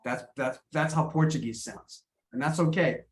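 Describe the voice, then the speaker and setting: A man's voice: medium pitch, normal speed. A man teaching English in an online video class, encouraging and often repeating his words as he coaches students. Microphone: video call.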